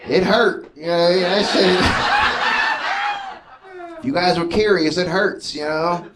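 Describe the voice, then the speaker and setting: A man with a high-sitting voice performs a stand-up comedy set at a slow pace, telling loose stories packed with swearing and laid-back, offhand asides. The mic is distant and the recording is very noisy.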